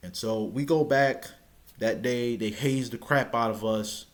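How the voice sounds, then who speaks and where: A young man casually telling a personal story, stammering now and then and shouting out the lines he quotes. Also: mid-range voice, measured pace.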